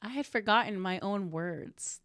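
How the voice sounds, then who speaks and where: A young woman talks through her thoughts in an earnest, self-reflective podcast monologue and laughs softly at herself. Her voice sits at a middle pitch. The recording is dry and close. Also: unhurried, dry recording. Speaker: podcast host. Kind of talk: reflective solo podcast talk.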